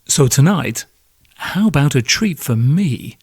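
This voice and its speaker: Male host, comedic monologue, sarcastic and sweary, average pitch. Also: expressive, takes it slowly, breathy edge, dry recording, studio quality. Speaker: podcast host.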